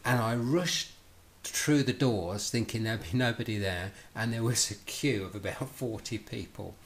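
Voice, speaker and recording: Here a middle-aged man shares his life story, unhurried and with a lowish voice. He is animated, playing out both parts of dialogues and frequently starting over.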